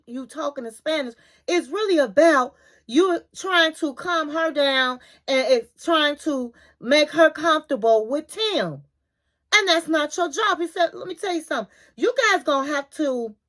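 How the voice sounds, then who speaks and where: High-voiced woman animatedly recapping gossip. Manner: animated retelling, acting out quotes, chatty asides. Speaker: reality TV recap host. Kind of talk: casual recap commentary.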